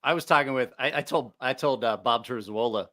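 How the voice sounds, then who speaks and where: A man with a bright, forceful voice hosts a relaxed podcast chat. He tells animated stories and jumps up in pitch whenever he quotes someone. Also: fairly quick. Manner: animated storyteller, jumps pitch when quoting people. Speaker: podcast host.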